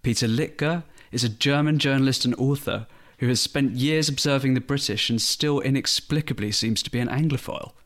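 A man's voice: medium pitch, brisk, hardly any pauses, fairly bright tone. A man co-hosting a podcast, introducing the guest in a playful, self-deprecating way. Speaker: podcast co-host.

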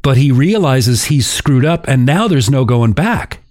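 A man's voice: mid-range voice, lively intonation, a little slow, a little mellow, no echo. Man telling a story, dry sound. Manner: chuckles while telling a story. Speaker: podcast host. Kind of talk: casual storytelling.

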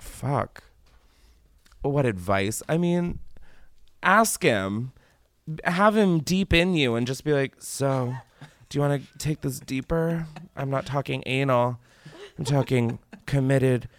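In a dry, clean studio recording, a young man with a smooth, fairly bright mid-range voice answers callers on his advice podcast. The chat is casual and comedic, and he's blunt and self-mocking, swearing freely and putting on exaggerated mock voices.

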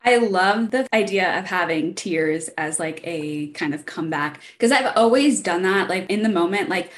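A woman hosting an interview, chatting quickly and relatably with "like" fillers. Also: on the low side, expressive. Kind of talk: casual interview chat.

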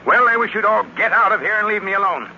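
A man playing a gruff, suspicious older man in a 1940s radio drama, with a curt and blunt way of talking. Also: sits high, fast, a little hiss or hum. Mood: grumpy. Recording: dull lo-fi old radio recording.

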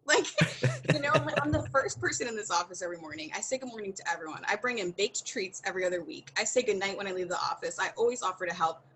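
A woman's voice: medium pitch, lively intonation, fast, background noise. A woman from the United States, a podcast guest telling her own story in a candid, earnest way, often breaking into laughter.

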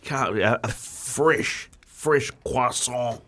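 A New Zealand man co-hosting a breakfast radio show. He tells stories in an easy, anecdotal way. His voice sits at a middle pitch. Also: extremely slow, a little hiss or hum. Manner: relaxed anecdotal storyteller. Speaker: radio co-host. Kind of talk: casual breakfast radio chat.

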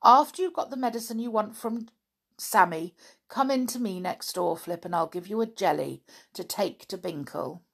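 A woman's voice: medium pitch, moderate pace, creaky, breathy edge. Dilly, a woman voicing a kind motherly duck. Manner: kind, sympathetic.

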